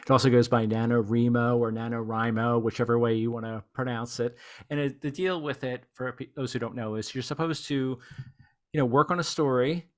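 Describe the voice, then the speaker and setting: A man's voice: mid-range voice, steady tone, a little fast. A man hosting a podcast, chatting casually with a guest in an easygoing way, with self-deprecating asides. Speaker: podcast host. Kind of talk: casual interview chat.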